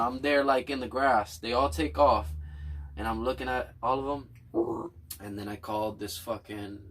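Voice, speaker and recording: Man, podcast host, loose and profane, mid pitch, light background hiss. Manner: loose, profane, animated when telling his story. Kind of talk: casual chat.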